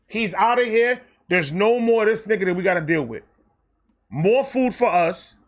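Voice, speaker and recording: A man's voice: high voice, lively intonation, moderate pace. A man voicing his gloating sisters, raised and gleeful. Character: gloating teenage sisters, excited.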